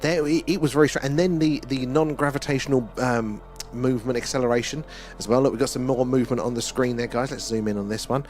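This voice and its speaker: A man's voice: mid-range voice, steady tone, quick pace, a little mellow, soft background music. A man with an Essex accent hosting a live sky-watch stream, chatting casually and reading out viewer comments. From England. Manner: chatty, reads out viewer comments, often trails off with "there".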